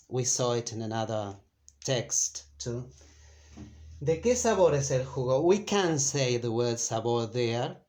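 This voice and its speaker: Slow-spoken male teacher. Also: medium pitch, darkish tone. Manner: unhurried, thinking aloud with many fillers and self-corrections. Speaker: Spanish teacher. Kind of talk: explaining a lesson, casual.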